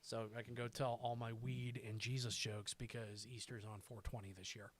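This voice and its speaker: A man's voice: mid-range voice, normal speed. A man in his thirties, a comedian guest on a podcast, telling stories animatedly with lots of swearing and acted-out voices. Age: 30s. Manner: animated storyteller, profane, acts out quoted voices. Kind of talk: casual podcast chat.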